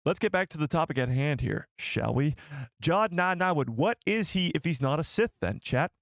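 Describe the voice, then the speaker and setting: A male host chatting on a live stream, excitable and rambling, who often stops to correct himself. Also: a little high, normal speed, vocal fry, no echo, studio quality.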